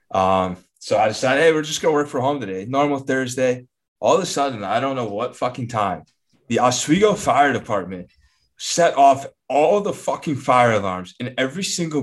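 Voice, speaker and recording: A young man co-hosting a podcast, telling a story in casual, profane chat. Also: medium pitch. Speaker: podcast co-host.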